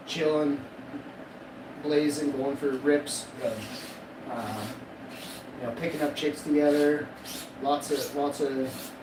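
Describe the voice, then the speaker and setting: A man in his forties spins a long, profane, boastful story on a live stream, laughing at his own punchlines. His voice sits back from the mic in an echoey room. A steady wash of loud background noise runs under everything. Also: fairly high pitch, recorded from a distance. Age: 40s.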